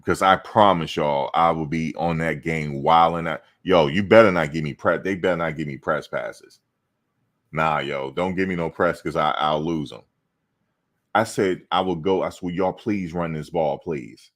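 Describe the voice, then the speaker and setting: A man's voice: a bass voice, normal speed, fairly bright tone. A male host of a football fan show, chatting casually in a playful, joking, slangy way and repeating himself for emphasis.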